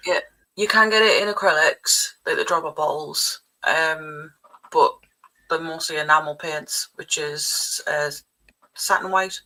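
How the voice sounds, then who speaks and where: A woman's voice: deep voice, a little slow, bright, forceful tone, poor audio. A woman co-hosting a casual livestream who chats in a friendly, helpful way while she paints.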